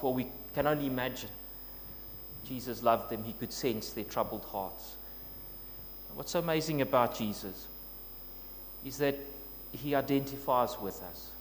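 A man preaching a sermon in an earnest way, building to emphatic scripture quotes. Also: mid-range voice. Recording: long reverb, faint noise with hum.

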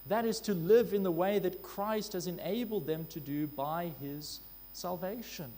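A man's voice: fairly high pitch, a little mellow. A man preaching a sermon in a church hall, emphatic, repeating key phrases for weight. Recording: long hall reverb with faint mains hum.

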